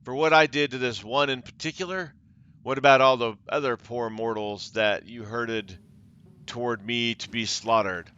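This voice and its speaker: Guy reading as a taunting villainess from a fantasy game, gloating and theatrical, fairly low voice, crisp. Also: normal speed, bright, forceful tone, highs cut off. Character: taunting villainous woman cult leader, cruel and gloating. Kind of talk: reading game dialogue aloud.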